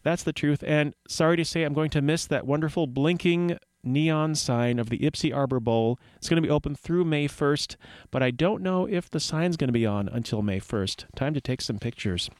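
A man's voice: a little high, moderate pace, a little mellow, dry recording. A man hosting a community radio news segment, reading items with wry, rambling asides and puns. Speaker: radio host. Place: radio studio.

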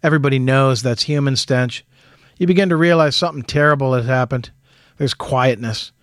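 A man's voice: mid-range voice, a little fast, smooth, no room sound. Man narrating a war memoir, dry. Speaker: reader of a first-person war memoir. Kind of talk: first-person memoir narration.

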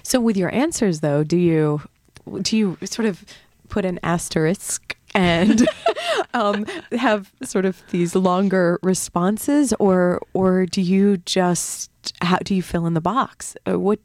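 Curious woman host, lowish voice. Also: slow pace, darkish tone, no room sound. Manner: curious, playful, with stumbling questions. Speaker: interviewer, host. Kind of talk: conversational interview.

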